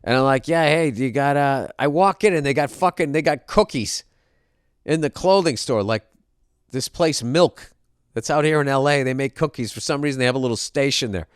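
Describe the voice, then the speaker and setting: A man's voice: medium pitch, normal speed, clean tone, no room sound, clean studio sound. A man hosting a podcast, telling a comic story in a profane, exasperated rant. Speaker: podcast host. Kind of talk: comedic monologue rant.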